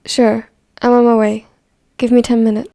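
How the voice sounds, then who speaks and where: A woman voicing a tired young man who gives short, flat replies. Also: a little high, normal speed, gravelly, no echo, studio quality.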